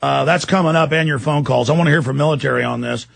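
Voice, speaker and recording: A man's voice: fairly high pitch, fast, gravelly, no echo. A man hosting talk radio, delivering an insistent, escalating monologue. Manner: fervent, insistent, escalating into shouting. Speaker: radio talk show host.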